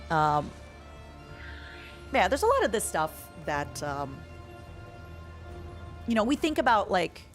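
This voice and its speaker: A woman streamer chatting live while she games, candid and confiding, her talk halting and searching for words. Her pitch sits mid-range for a woman, and soft game music plays faintly beneath her. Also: big pitch swings. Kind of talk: casual live-stream chat while gaming.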